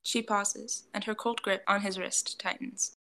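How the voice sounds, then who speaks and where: A woman reads a fan fiction story aloud in a gentle, even manner, with a gravelly, creaky edge to her voice at a middle pitch. Her delivery is steady, suited to a long audiobook. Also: measured pace. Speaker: narrator.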